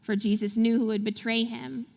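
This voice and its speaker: A woman's voice: fairly high pitch, fairly even intonation, moderate pace, gravelly, a little mellow. A woman pastor preaching a sermon, telling the story animatedly and acting out the quotes. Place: large church sanctuary. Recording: long hall reverb in a church.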